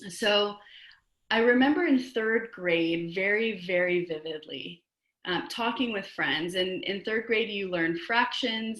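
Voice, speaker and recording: A woman rabbi, a guest in a conversation, telling a personal story in an earnest, reflective way with gentle humor. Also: fairly low pitch, roomy sound, low-quality recording.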